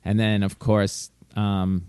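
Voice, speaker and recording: A man, a podcast co-host and comedian telling a story in fast, animated casual chat. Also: fairly low pitch, clear, resonant tone, no room sound, clean studio sound.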